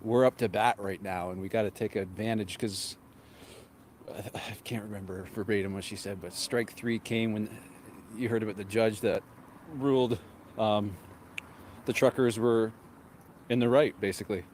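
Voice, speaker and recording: A man's voice: lowish voice, steady tone, normal speed, darkish tone, a little hiss or hum. A man hosting a walking livestream outdoors on a cold street, chatting casually with a handheld mic, a little out of breath and reading viewer comments aloud. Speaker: livestream host. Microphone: handheld microphone.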